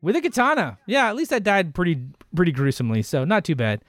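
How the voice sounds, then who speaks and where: A man hosting a podcast in casual chat, loud, playful and teasing. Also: fairly high pitch, sing-song, fast talker, dry recording, studio quality. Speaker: podcast host.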